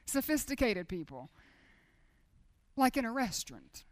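A woman preaching a sermon, moving between soft, intimate asides and loud, declaiming proclamation. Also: a little high, no room sound.

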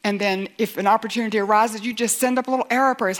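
A woman preaching a sermon in an earnest way, acting out doubters' objections and building to forceful emphasis. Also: on the high side, steady tone, fast talker, hardly any pauses.

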